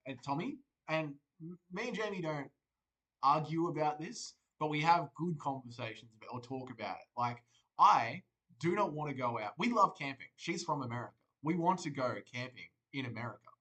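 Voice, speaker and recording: An Australian man on a live stream jokes, rambles and swears while reading viewer comments out loud. His voice is on the high side and a bit bright, and the recording is rough.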